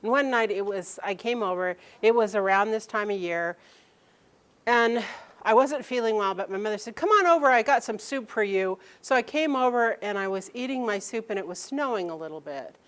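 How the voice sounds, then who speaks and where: Brief: middle-aged woman storyteller, lively and laughing, voicing family members' lines. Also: medium pitch, normal speed. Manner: animated, laughing, quoting her mother in lively bursts. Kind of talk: personal storytelling to an audience.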